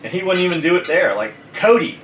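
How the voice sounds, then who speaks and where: A man's voice: high-pitched, big pitch swings, fast, fairly bright tone, slight background noise. A man who owns a gear company, telling a story in casual chat, blunt and full of swearing. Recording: echoey room, mic at a distance, faint kitchen clatter.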